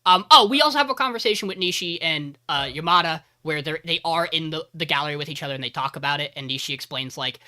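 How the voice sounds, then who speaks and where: A man co-hosting a podcast, retelling an anime episode in a rambling, animated way with many fillers. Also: fairly high pitch, fast, few pauses. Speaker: podcast co-host. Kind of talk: casual anime recap.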